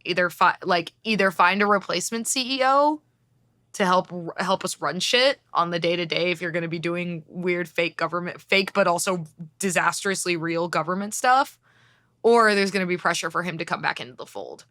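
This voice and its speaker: A woman co-hosting a casual podcast, talking briskly and bluntly with casual swearing. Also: lowish voice, sharp tone, dry recording, studio quality. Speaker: podcast co-host.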